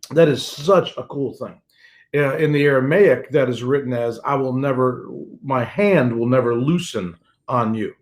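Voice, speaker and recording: An older man gives a morning devotional as a pastor. His delivery is earnest and personal, and he circles back over key phrases for emphasis. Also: mid-range voice. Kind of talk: devotional sermon message.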